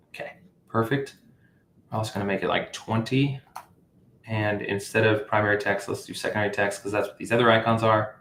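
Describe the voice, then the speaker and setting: With a fairly low yet fairly bright voice, a man runs a live stream where he builds an app, musing aloud with fillers and self-corrections. It's a casual coding walkthrough. The audio is reverberant with slight background noise.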